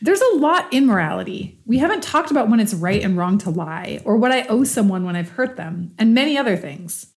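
A woman's voice: a little high, sing-song, brisk, hardly any pauses. A woman reading the part of a skeptical challenger who questions a utilitarian in a scripted philosophical dialogue, probing and doubtful.

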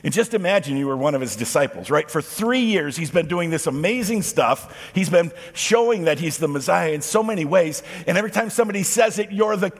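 Pastor preaching in a reverberant hall. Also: male voice, a little high, a little fast, hardly any pauses. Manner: expressive preaching, voicing quoted speech. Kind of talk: sermon.

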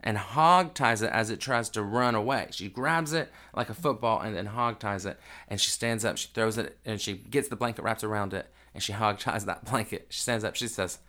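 A man's voice: fairly low pitch, moderate pace, bright, forceful tone. A man, hosting a podcast and telling a family story in a raw, emotional, unedited way. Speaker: podcast host. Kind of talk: casual storytelling monologue.

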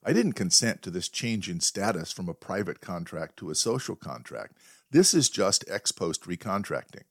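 A man hosting a podcast, telling a wry, deadpan story in a monologue. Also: low-pitched, normal speed, no room sound, studio quality. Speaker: podcast host.

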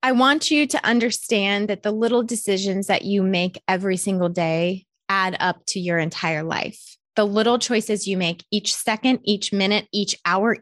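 A woman's voice: medium pitch, a bit bright, no room sound, studio quality. A woman in her thirties hosting a motivational podcast, talking emphatically and candidly and swearing freely, recorded in a hotel room. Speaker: podcast host.

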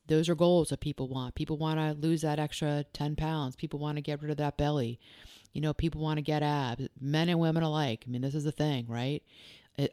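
A woman's voice: low-pitched, a little mellow, no room sound, clean studio sound. A woman who works as a life coach and hosts a podcast. She talks earnestly and directly, firing off strings of probing questions and repeating key phrases for emphasis.

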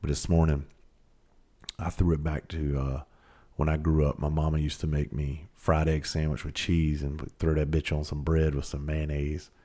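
Deep-voiced Southern country man. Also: little pitch movement, normal speed, dark tone. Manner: blunt and profane, with rhetorical questions. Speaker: podcast host. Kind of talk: motivational podcast monologue.

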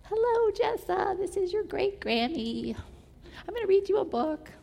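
A woman's voice: extremely high pitch, very animated, normal speed, vocal fry, darkish tone, in a large hall, voice pushed up, heavily acted. A woman voicing a sweet elderly great-grandmother who cheerfully greets a child before reading a book aloud.

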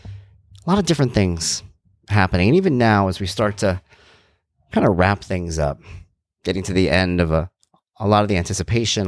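A man's voice: deep voice, no echo, studio quality. A middle-aged man hosting a podcast, talking candidly in a rambling monologue with jokey asides. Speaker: podcast host.

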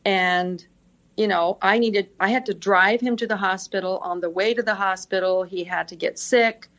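A woman's voice: mid-range voice, steady tone, moderate pace, a bit bright, highs cut off. A middle-aged woman, a podcast guest, telling work stories casually and laughing often. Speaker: podcast guest, senior executive assistant. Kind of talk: casual interview storytelling.

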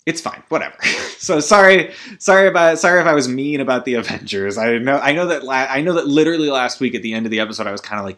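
A man's voice: mid-range voice, fast talker. Rambling, self-deprecating male podcast host. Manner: rambling, self-deprecating, swings between loud outbursts and mumbling. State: weary, feeling low. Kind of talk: solo comedy podcast monologue.

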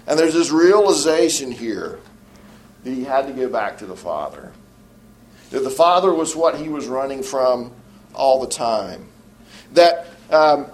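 A male pastor preaching a sermon, often restarting his phrases and slowing to stress key words, letting sentence ends fall low and quiet.

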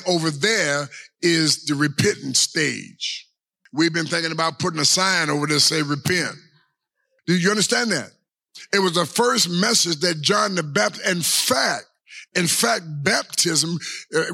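A man's voice: a little high, gravelly, bright, forceful tone, breathy edge. A man preaching a sermon as pastor, drawing out his words and asking the congregation rhetorical questions. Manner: preaching with long drawn-out pauses and repeated rhetorical questions.

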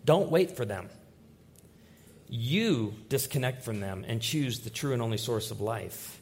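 Animated man preaching a sermon. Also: mid-range voice, measured pace, a little hiss or hum. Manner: animated storytelling with acted-out voices. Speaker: pastor.

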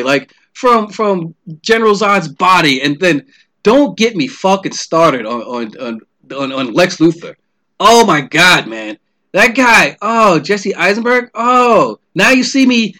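A man hosting a podcast, telling a story in a casual, profane rant that climbs into animated outbursts. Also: on the high side. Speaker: podcast host.

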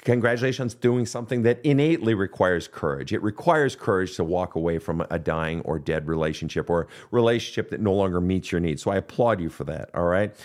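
A man's voice: sits low, expressive, a little fast, few pauses, darkish tone. A man hosting a counseling podcast, answering listener questions in a blunt, profane, direct manner. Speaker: counselor and show host.

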